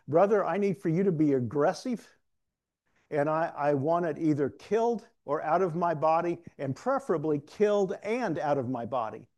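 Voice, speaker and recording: A male preacher gives a candid testimony sermon to a room with an audience, telling his story with self-deprecating humor. His voice is a little high with a darkish tone.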